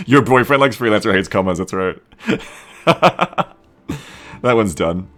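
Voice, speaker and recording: A man with a fairly low voice speaks slowly while live-streaming as he codes a game mod. He's relaxed and self-mocking, chatting casually, reading viewer comments out loud and swearing freely.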